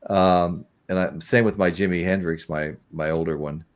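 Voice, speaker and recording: A man's voice: sits low, steady tone, normal speed. Rambling middle-aged man telling stories. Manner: rambling storyteller, laughs often. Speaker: host. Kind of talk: casual chat on a live stream.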